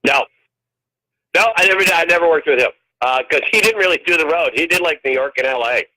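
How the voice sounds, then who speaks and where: A man's voice: a little high, brisk, sharp tone. An older man, a touring comedian, telling profane road stories on a phone call. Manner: profane, ranting storyteller. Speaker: guest comedian. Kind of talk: casual storytelling. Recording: tinny phone line.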